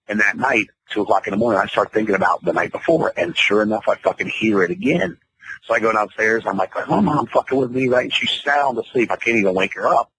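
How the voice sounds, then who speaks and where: Fast-talking, low-voiced man telling a story. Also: slight background noise, rough recording. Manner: profane, rambling, animated. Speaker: interview guest. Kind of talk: casual storytelling. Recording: radio interview audio.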